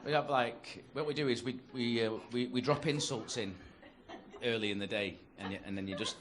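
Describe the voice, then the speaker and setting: Brisk and mid-range in pitch, a man from North-West England with a Northern English accent runs through a stand-up set at a comedy club. Holding a handheld mic, he tells sweary, conversational stories while the audience laughs, captured in a noisy live club recording.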